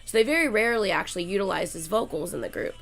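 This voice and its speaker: Though sick and coughing, a young woman talks rapid-fire in a mid-range voice, gushing excitably to her livestream audience and reading names from the chat in casual conversation.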